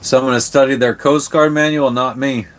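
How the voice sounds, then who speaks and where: A man's voice: medium pitch, fairly even intonation, moderate pace, fairly bright tone. A man hosting a live stream from his sailboat, chatting casually with viewers, laid-back and rambling, swearing freely. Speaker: livestream host answering chat.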